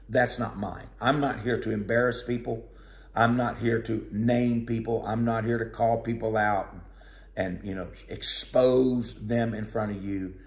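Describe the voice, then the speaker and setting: A man preaching a sermon in a plainspoken, conversational way, with some storytelling. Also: on the low side. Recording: echoey room.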